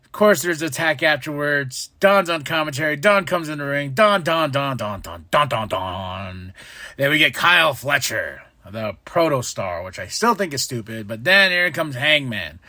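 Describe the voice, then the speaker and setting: Animated man recapping wrestling. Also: fairly high pitch, normal speed, no echo, clean studio sound. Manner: animated, acts out quotes in different voices. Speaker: podcast host.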